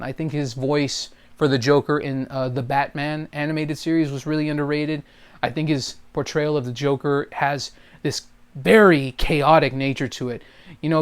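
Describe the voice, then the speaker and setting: This man's voice is a little high and smooth. He's a hobby voice actor chatting about impressions and voice work in a casual vlog, wandering off track with fillers and phrases that trail away.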